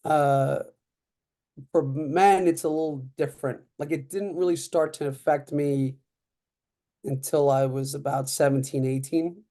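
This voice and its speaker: Man, 30s, podcast guest; fairly high, mellow voice, animated storyteller who acts out dialogue. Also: unhurried. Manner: frequent fillers like "uh" and "like". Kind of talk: casual storytelling.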